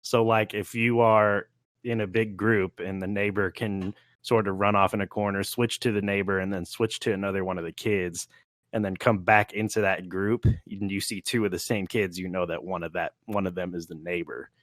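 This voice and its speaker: A very deep-voiced man chatting about games on a podcast, animated and quick to laugh. The sound is close and dry, with no room around it. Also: no room sound. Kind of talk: casual gaming podcast chat.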